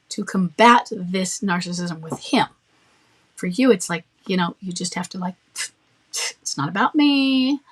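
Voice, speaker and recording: A woman's voice: on the low side, breathy edge. A woman coach giving advice in a firm, matter-of-fact way, acting out short bits of dialogue. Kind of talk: advice talk.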